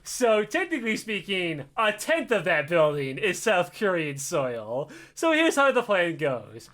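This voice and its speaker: A man co-hosting a podcast, telling a story in an excitable, profane way and acting out its parts. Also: high-pitched, unhurried. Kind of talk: animated storytelling.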